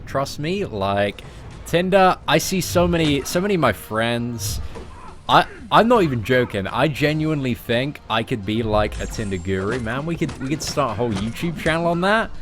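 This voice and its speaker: A young man chats his way through a mobile game stream, answering viewers and cracking jokes. His pitch swings widely as he talks, while soft music plays faintly behind him. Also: expressive, normal speed. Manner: chatty, joking, reads out chat messages. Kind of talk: casual live-stream chat.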